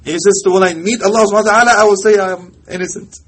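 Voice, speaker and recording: A man preaching a storytelling sermon in a high, husky voice. He speaks with passion, often sinks to a near-hush, and mixes Arabic phrases into his English. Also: steady tone, rapid-fire.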